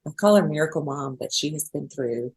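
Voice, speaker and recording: A woman's voice: low-pitched, animated, fairly quick, darkish tone, breathy edge. A middle-aged woman guest on a podcast interview, speaking earnestly and emotionally. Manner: emotional, earnest, tearful at times. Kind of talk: interview conversation.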